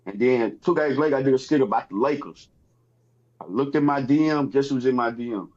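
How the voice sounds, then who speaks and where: A man from Texas with a Texan accent, a comedian guest telling animated stories in casual chat and acting out other people's lines. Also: mid-range voice, a little fast, muffled recording.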